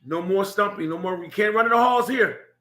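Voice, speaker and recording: A man's voice: high-pitched, brisk, bright, forceful tone. A middle-aged man telling a heartfelt story about his son, laughing now and then as he speaks. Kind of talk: personal storytelling. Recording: echoey room.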